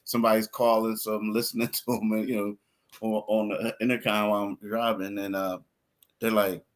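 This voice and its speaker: A man's voice: fairly low pitch, little pitch movement, fairly quick. A man co-hosting a sports podcast, talking in a loose, rambling way with repeated words and some laughter. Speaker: podcast co-host. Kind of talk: casual sports podcast talk.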